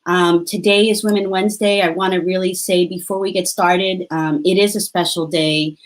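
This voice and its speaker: A woman's voice: fairly low pitch, steady tone, normal speed. Emotional, upbeat woman hosting a livestream. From United States. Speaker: host. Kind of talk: live-streamed talk show.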